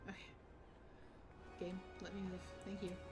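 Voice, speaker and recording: A woman's voice: mid-range voice, monotone, moderate pace, loud music behind the voice. A woman streamer casually commenting on a game, chatty and laughing, often stopping herself mid-sentence. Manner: chatty, laughing, self-interrupting. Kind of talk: casual let's-play commentary.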